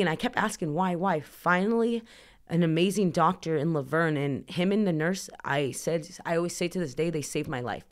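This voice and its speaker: Low-voiced woman telling her story. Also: fairly quick. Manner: chatty, heavy use of "like", acts out dialogue. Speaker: podcast guest. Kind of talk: candid personal storytelling.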